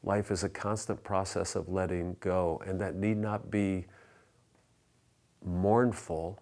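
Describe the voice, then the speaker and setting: A man, a pastor, delivering a sermon in a church, measured in pace and dropping to a hush on his repeated refrains. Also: low voice, fairly even intonation. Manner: measured preaching with soft, hushed repeated refrains. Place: church sanctuary.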